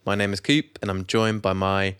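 A man's voice: deep voice, level tone, normal speed, a bit bright, smooth. A man co-hosting a comedy podcast with his wife, joking and teasing in casual banter. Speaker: podcast co-host.

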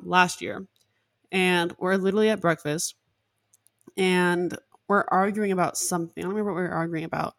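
A woman's voice: lowish voice, a bit bright, dry recording. Candid young woman, dry close sound. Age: 20s. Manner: candid, heavy use of "like" as filler. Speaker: podcast host. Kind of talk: casual chat.

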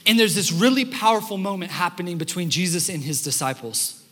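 A young man preaching a sermon as pastor, telling stories in an animated, conversational way with fillers, in a church sanctuary. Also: high voice, brisk. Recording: long hall reverb in a church.

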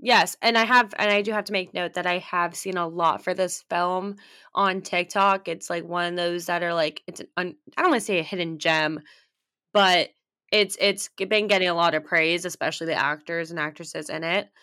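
Bright-voiced female co-host. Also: fairly low pitch, fairly even intonation, normal speed. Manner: reads nominee lists, filler-heavy, unsure of names. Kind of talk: casual film award chat.

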